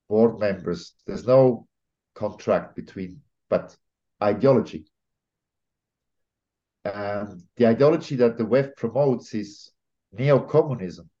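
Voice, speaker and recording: A Swiss man talks as a guest on an interview podcast, his voice lowish and mellow, captured on slightly dull lo-fi audio. He's emphatic and opinionated in the conversation, often pausing on fillers and starting sentences over.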